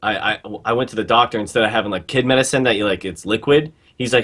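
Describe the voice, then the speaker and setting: Man, podcast co-host, casual chat, halting delivery, relaxed. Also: lowish voice.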